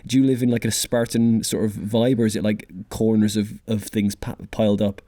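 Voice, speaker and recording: A man's voice: fairly low pitch, flat delivery, moderate pace, mellow, dry recording. A man in his thirties hosting a podcast, rambling casually, swearing freely and calling people mate. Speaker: podcast host. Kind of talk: casual chat.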